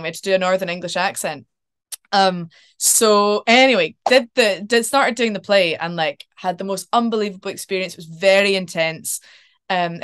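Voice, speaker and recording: An actress chatting as a podcast guest, animated and storytelling, with casual swearing. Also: female voice, mid-range voice. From Scotland. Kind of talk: casual interview chat.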